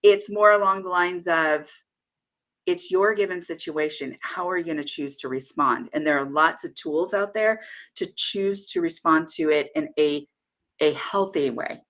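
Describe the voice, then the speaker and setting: A woman's voice: low voice, moderate pace, a bit bright. A woman co-hosting a podcast, speaking emphatically in a coaching way and repeating key phrases. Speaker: podcast co-host. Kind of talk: casual conversational discussion.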